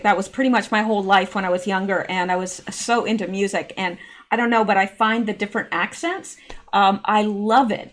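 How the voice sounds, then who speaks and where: A middle-aged woman hosting casual video commentary, chatty and full of rambling asides. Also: medium pitch. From Canada. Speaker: channel host.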